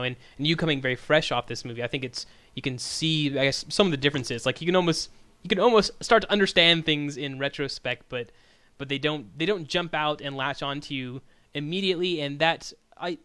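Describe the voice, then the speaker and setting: A man co-hosting a casual film review podcast, rambling with frequent restarts and animated retellings. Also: fairly high pitch, no echo. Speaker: podcast co-host.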